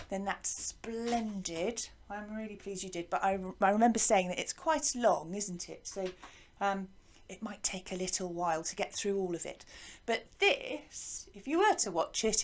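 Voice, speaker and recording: A woman teaching a music lesson to young children, asking lots of questions in a slow, lively way. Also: mid-range voice. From England. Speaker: primary school music teacher.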